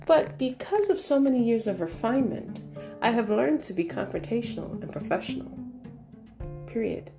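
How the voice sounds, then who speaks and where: A woman from New York talks through her own advice in a casual monologue, her pitch swinging widely as she acts out other people's lines. Her voice sits fairly high, and she comes across blunt and confrontational. Faint guitar music plays behind her. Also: normal speed, gravelly. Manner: animated, confrontational storyteller who acts out voices. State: hard of hearing. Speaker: vlogger.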